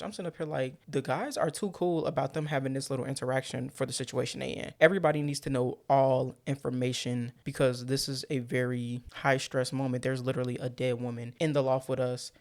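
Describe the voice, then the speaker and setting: A man giving a casual, profane movie breakdown, animatedly acting out the characters' lines as he retells the plot. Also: mid-range voice. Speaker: movie recap YouTuber.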